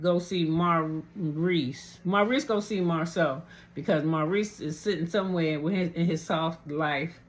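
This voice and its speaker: A woman vlogger casually recapping a reality TV episode, rambling and cursing freely with colloquial grammar, and jumping her pitch when she acts out quotes.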